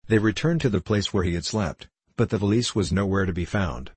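Man narrating an audiobook, very deep voice, husky tone, dry close sound. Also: darkish tone, no echo. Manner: measured, literary storytelling. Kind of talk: scripted narration.

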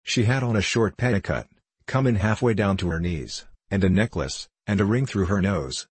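A kindly old sea captain from a storybook, meek and fond, voiced by a man who drawls his words in a rustic way and drops his endings. The voice sits very low and slightly husky. It is dry and close. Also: moderate pace, no room sound.

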